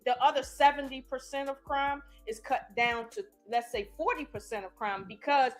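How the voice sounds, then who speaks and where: A woman's voice: sits high, normal speed, soft background music. A woman on a live-stream panel, arguing her point emphatically in casual debate. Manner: argumentative, emphatic.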